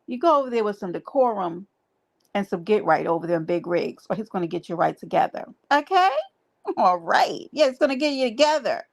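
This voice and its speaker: A woman's voice: mid-range voice, animated, brisk, vocal fry. A woman hosting a livestream, talking to her chat in an emphatic, preachy way and repeating her phrases. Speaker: livestream host. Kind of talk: casual livestream talk to chat.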